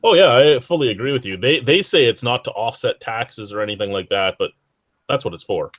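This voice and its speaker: A man's voice: medium pitch, expressive, fairly quick, a bit bright, dry recording. A man co-hosting a casual podcast, reading news items aloud with a rambling, stop-and-start manner. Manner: rambling, lots of fillers and restarts while reading. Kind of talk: casual chat.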